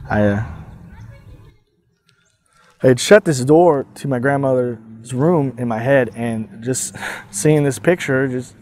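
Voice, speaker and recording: Halting man telling a painful memory. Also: medium pitch, darkish tone. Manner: halting, hesitant, many fillers and restarts. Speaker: abuse survivor telling his story. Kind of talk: personal testimony monologue.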